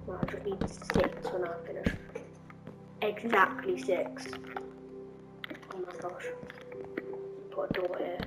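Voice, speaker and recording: A woman's voice: lowish voice, level tone, takes it slowly, long pauses. A woman hosting her gaming channel, rambling to herself during play-along commentary and now and then dropping into whispers. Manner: rambling self-talk, dipping into whispers. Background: loud game music.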